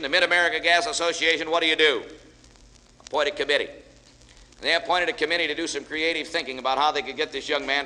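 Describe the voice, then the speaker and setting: Male after-dinner speaker, fast folksy joke-teller, reverberant hall recording. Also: fairly high pitch, bright, forceful tone. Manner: folksy storyteller, joking with audience. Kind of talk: humorous speech with jokes. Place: large banquet hall with audience. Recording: echoey hall, faint hiss.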